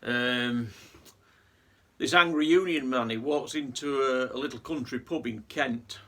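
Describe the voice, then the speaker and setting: A man's voice: mid-range voice, a little slow, bright, forceful tone. A man vlogging in a casual monologue, earnest and rambling with frequent restarts.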